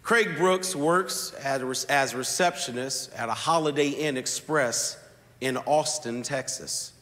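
A man preaching a sermon as pastor, telling a story slowly and leaning hard on key words. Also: medium pitch, fairly bright tone. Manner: storytelling preacher with slow, deliberate emphasis. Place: church sanctuary. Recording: long reverb of a large church hall.

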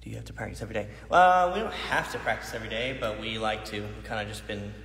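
Relaxed man in an echoey studio. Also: lowish voice, quick pace. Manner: relaxed, chatty, laughs often. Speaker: livestream host reading viewer questions. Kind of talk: casual chat. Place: large echoey dance studio. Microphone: phone livestream. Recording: echoey hall with faint noise.

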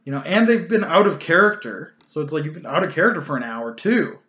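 A man's voice: fairly high pitch, animated, fast talker, fairly bright tone, reverberant, highs cut off. A man hosting his own channel, telling a tabletop gaming story in a casual, exasperated rant full of loose fillers.

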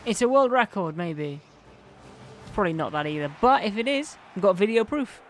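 A man hosting a gaming channel, giving excitable let's-play commentary and yelling at the game. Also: sits high, a little fast, slight background noise.

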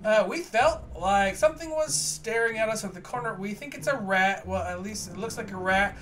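A man hosts a let's play, reading the game's text aloud in a bright, forceful voice. He gives the lines mock drama and jokes at his own slips. Faint game music plays behind him. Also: high-pitched, normal speed. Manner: jokey, reads game text with mock drama, laughs at himself.

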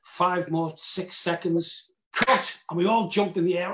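A man, an actor guest, telling backstage anecdotes in a lively way and acting out his own cries and reactions. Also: high voice, a little slow, hardly any pauses, background noise. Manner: animated storyteller, acts out his own reactions with loud cries. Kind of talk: anecdotal reunion chat.

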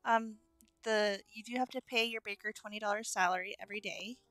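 A woman's voice: medium pitch, fairly even intonation, brisk, a bit bright, dry recording, soft background music. A young woman hosting a gaming channel, chatting casually as she plays and cheerfully greets her game customers. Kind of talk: casual gameplay commentary.

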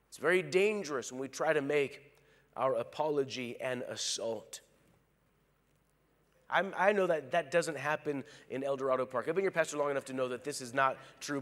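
A male pastor preaching a sermon, animated, acting out quoted lines. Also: mid-range voice, long reverb tail. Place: large church hall.

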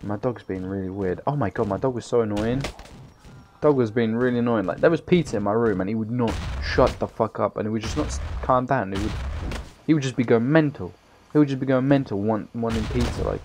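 A tired young man giving casual, rambling gameplay commentary, swearing freely with loud bursts of excitement. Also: fairly low pitch, a little fast, background noise. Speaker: gaming YouTuber.

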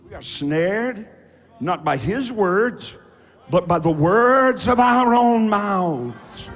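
Male pastor, high voice, deliberate pace, shouting sung sermon cadences in church. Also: animated, faint music behind. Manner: repetitive rhetorical questions. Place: church sanctuary.

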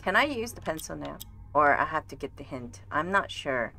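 A woman streamer thinking aloud while playing a game, chatty and given to quick exclamations. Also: low-pitched, big pitch swings, creaky, bright, forceful tone, soft background music. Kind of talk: casual gameplay commentary.

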